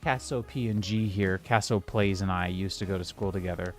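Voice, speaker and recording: Over faint background music, a low-pitched man gives brisk, casual commentary while playing a building game. He rambles along and occasionally snaps at the game in exasperation.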